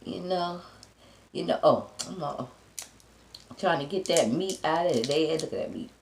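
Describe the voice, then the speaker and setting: In a low, expressive voice with vocal fry and a slightly mellow quality, a female mukbang vlogger speaks at a measured pace, talking directly and playfully to her viewers between bites. She hums and chews through the casual eating-show chat, heard with a roomy echo and a little hiss or hum.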